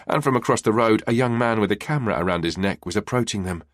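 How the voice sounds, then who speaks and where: A man narrating a crime thriller audiobook in a measured, even way. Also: on the low side, no echo, studio quality. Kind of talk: scripted narration.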